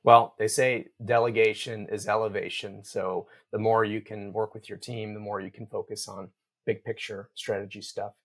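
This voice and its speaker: A man's voice: lowish voice, level tone, normal speed. A man hosting an interview podcast, summarizing his guest's points and leading with questions. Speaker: podcast host.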